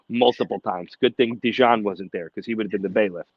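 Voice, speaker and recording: A man with a low, dry voice tells a rowdy, profane story to his co-host in casual podcast chat. The sound is muffled and lo-fi. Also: brisk, no room sound. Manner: animated, profane, acts out shouted quotes.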